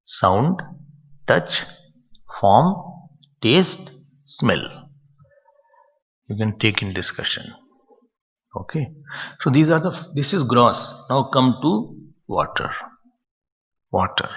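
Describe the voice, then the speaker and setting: A spiritual teacher lectures playfully, his gravelly voice rising and falling in a lively way. He keeps tossing questions to his listeners. The sound is dull and lo-fi, with a long hall echo. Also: mid-range voice, slow, pauses often. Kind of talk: lecture on scripture. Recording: dull lo-fi recording in a reverberant hall.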